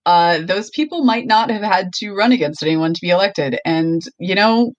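A young woman co-hosts a podcast in loose, casual chat, her talk scattered with likes and ums. Her voice sits in a middle pitch and sounds dry and close. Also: lively intonation, normal speed, no room sound, muffled recording. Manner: chatty, full of likes and ums. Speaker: podcast co-host.

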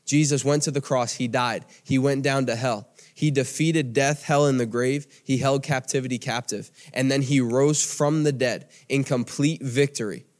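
A man's voice: medium pitch, steady tone, moderate pace, few pauses. An American man preaching a podcast sermon in an earnest way, often repeating phrases and restarting sentences. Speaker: pastor.

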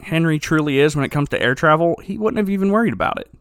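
A man's voice: a little high, fast talker, clean tone, no echo, studio quality. A man in casual chat, animatedly recapping a TV episode and acting out quotes. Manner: animated storyteller, acts out quotes, laughs often. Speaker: podcast co-host.

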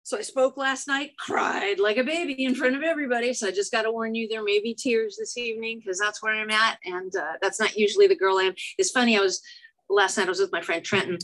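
A woman's voice: mid-range voice, steady tone, fast, a bit bright. A middle-aged woman from Chicago giving a candid, self-deprecating recovery share at a meeting, often checking in with "right?". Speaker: AA meeting speaker. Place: church meeting room before an audience.

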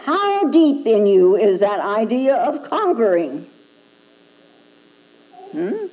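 Slow, probing woman giving a Zen talk. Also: on the high side, very animated, highs cut off. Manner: probing, prodding listeners with rhetorical "hmm?"; earthy humor, chuckling at own points. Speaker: Zen teacher. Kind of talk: dharma talk.

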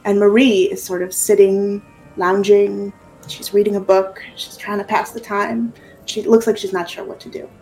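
A woman's voice: medium pitch, little pitch movement, moderate pace, darkish tone, soft background music, rough recording. Woman game master narrating a scene.

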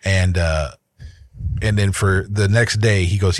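Casual podcast co-host, man in his thirties, rambling storyteller, lowish voice, dry sound. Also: slow pace, no echo. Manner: rambling, with frequent restarts and repeated words. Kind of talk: casual chat, personal storytelling.

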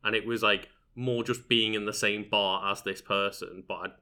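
Lower-pitched man, bright tone, relaxed co-host who thinks out loud. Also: moderate pace. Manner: relaxed, reasoning aloud with many fillers. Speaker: channel editor, co-host. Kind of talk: casual podcast chat.

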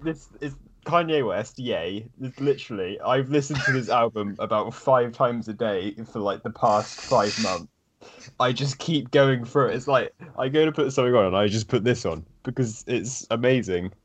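A man's voice: medium pitch, normal speed, slight background noise. A man chatting as a podcast guest, talking eagerly and rambling with lots of fillers. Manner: enthusiastic, rambling with many fillers. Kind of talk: casual chat.

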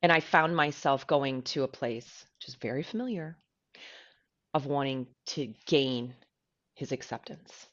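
Speaking at a measured pace in an extremely low, slightly bright voice, a woman opens up candidly and emotionally about herself as co-host of a personal podcast. She uses "like" as a filler a lot, and the audio sounds dull.

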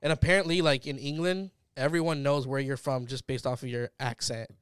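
A man's voice: medium pitch, steady tone, a little fast, clear, resonant tone, dry recording, studio quality. A man in casual podcast chat, hesitant and unsure of himself, laughing easily.

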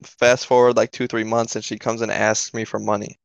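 Gravelly man telling a story. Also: lowish voice, flat delivery, brisk, no room sound. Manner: profane, filler-heavy, keeps asking "right?". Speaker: podcast co-host. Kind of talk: casual storytelling. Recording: dull lo-fi dry recording.

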